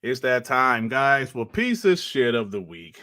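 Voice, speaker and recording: A man's voice: medium pitch, sing-song, measured pace. A man hosting a casual gaming podcast over a call, loose and profane, often calling others bro. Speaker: podcast host. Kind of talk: casual chat.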